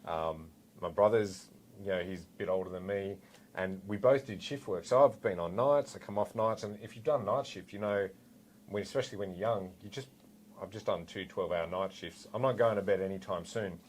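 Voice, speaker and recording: A man in his forties with an Australian accent, a former police officer telling a story in a relaxed, animated way with lots of asides. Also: low voice, fairly quick, slight background noise. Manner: animated, rambling with fillers and asides. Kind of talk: casual storytelling anecdote.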